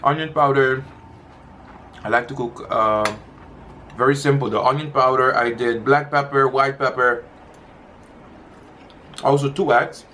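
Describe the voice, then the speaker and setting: Guy rambling about his cooking between bites, mid-pitched voice, faint noise behind him. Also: steady tone, measured pace, pauses often, bright, forceful tone. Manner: chatty, rambling, eating between words. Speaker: mukbang vlogger. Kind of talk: casual chat while eating.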